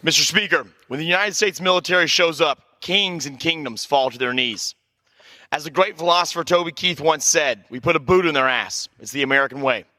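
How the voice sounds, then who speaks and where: A man's voice: fairly high pitch, a little fast, bright, forceful tone. A man giving an emphatic, declamatory floor speech as a congressman, from an archive clip. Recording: archive clip in a long-reverb chamber.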